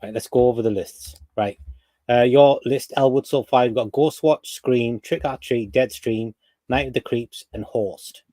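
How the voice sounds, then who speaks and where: A man's voice: mid-range voice, a little slow, warm tone, dry recording. A man, hosting a casual chat and running through lists, rambling with restarts. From North East England. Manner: rambling, restarts, runs the list. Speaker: podcast host.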